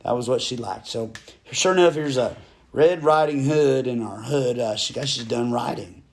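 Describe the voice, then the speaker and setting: A man's voice: mid-range voice, normal speed. A man telling a fairy tale as a comic folksy story, rambling with digressions and joking asides.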